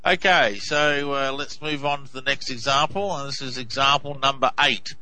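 A male host leading a casual interview in a brisk, encouraging way. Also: medium pitch, fairly even intonation, bright, forceful tone, low-quality recording.

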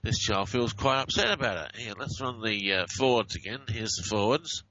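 A man's voice: on the low side, expressive, moderate pace, pushed and bright, lo-fi sound, slight background noise. A man hosting a radio show, commenting wryly on audio clips and apologizing to listeners for his hiccups. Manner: chatty and wry, reads out phone numbers, apologizes to listeners. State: has the hiccups.

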